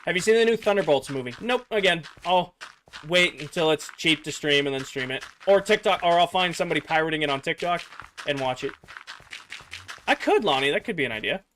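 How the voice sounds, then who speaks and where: With lively intonation and a slightly quick pace, a young streamer talks to his viewers while playing, meandering through filler words and responding to chat, his voice fraying a little. The pitch is fairly high and the tone fairly bright, with a bit of hiss or hum.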